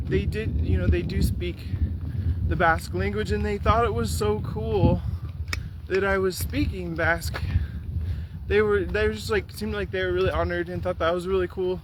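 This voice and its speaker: A young man rambles through a relaxed walking vlog, his voice high and his pace unhurried, often doubling back mid-sentence. He records on a carried phone out on a riverside trail. Loud wind and outdoor noise sit under everything he says. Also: highs cut off. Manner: rambling, with frequent restarts. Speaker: vlogger. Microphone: phone or camera carried while walking. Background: loud outdoor ambience and wind.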